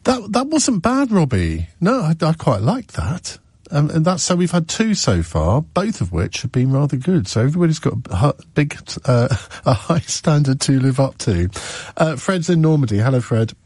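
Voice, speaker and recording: A man's voice: fairly high pitch, very animated, moderate pace, darkish tone, breathy edge, no room sound, clean studio sound. A man hosting a radio phone-in, chatty with stumbling restarts. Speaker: radio host.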